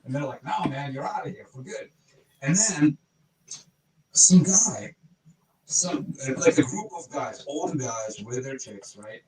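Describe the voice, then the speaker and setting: A man's voice: medium pitch, lively intonation, measured pace, roomy sound, far from the mic, a crowd in the background, rough recording. A man telling rambling, profane anecdotes in a casual podcast chat.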